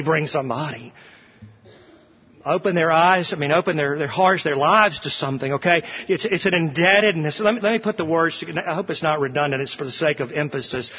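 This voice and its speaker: A man's voice: on the high side, a little fast, breathy edge. A male pastor preaching an expository sermon in a church sanctuary, earnest and emphatic, repeating phrases for emphasis. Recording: dull recording with long hall reverb.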